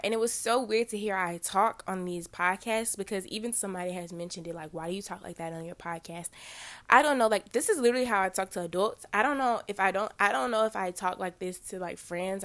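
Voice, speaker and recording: A teenage girl hosts her own podcast in a medium-pitched, somewhat bright voice that sounds a little congested. She talks casually, using lots of fillers and correcting herself often.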